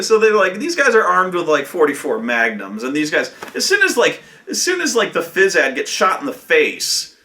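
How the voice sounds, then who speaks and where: Acting as game master, a man recounts a tabletop session in a rambling, profane, casual way, restarting sentences and acting out quotes from his players. His voice sits on the high side with a sharp tone.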